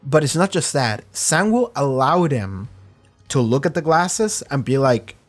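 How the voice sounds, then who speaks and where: A man hosting a casual reaction and review video, talking in a rambling, profane, excitable way. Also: mid-range voice, measured pace, faint music behind.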